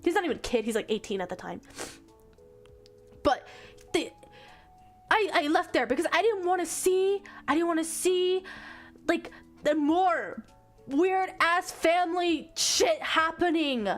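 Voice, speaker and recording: A young woman streamer retelling a story in casual chat, exasperated, animated and swearing freely. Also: very high voice, unhurried, pauses often, faint music behind.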